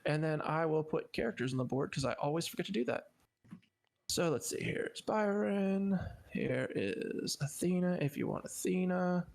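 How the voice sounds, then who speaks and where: A man's voice: fairly high pitch, lively intonation, normal speed, creaky, a little mellow. A man narrating a tabletop game as dungeon master, loose and rambling with many fillers.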